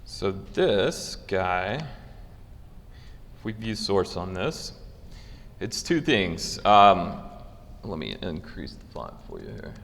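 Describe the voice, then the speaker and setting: A man's voice: deep voice, big pitch swings, takes it slowly, vocal fry, pauses often, a bit bright, in a large hall, slight background noise. A man giving a technical conference talk with live demos, casual and loose, with frequent fillers and restarts. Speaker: conference speaker. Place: conference hall.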